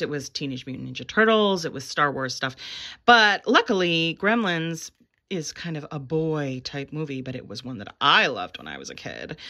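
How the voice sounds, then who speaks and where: A woman's voice: low-pitched, sharp tone. A woman in her forties chatting casually about her vintage toy finds, rambling with lots of fillers and little laughs. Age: 40s. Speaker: vintage toy collector vlogger. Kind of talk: casual show-and-tell vlog.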